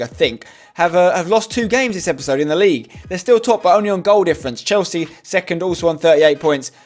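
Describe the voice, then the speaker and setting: A young man hosting and commentating on a football management game, swinging from hopeful to loud frustration. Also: high voice. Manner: excitable, groans loudly at conceded goals. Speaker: host. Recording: faint music behind.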